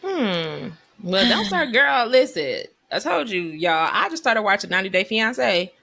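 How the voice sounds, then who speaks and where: A woman co-hosting a faith podcast, chatting casually in an animated, emotional way. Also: medium pitch, normal speed, creaky. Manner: animated, emotional storyteller, Southern US dialect forms. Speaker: podcast co-host. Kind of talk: casual chat.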